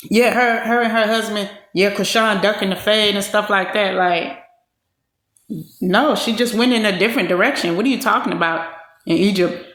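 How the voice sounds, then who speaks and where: A woman giving casual commentary to her viewers in a loose, slangy way, full of fillers. Her voice sits in a middle pitch. The room around her adds a roomy echo. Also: a bit bright. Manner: slangy, talks straight to the viewer with lots of fillers.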